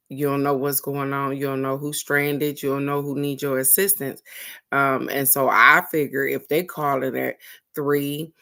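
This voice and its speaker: A woman with a low, deep-set voice talks straight to her viewers as the host of a card reading show. Her delivery is animated and frank, and she drops into other people's voices to act out the story. She sounds blunt and unfiltered, with a curse word now and then. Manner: animated storytelling, acting out quoted voices, addressing viewers directly. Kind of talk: casual spiritual chat to viewers.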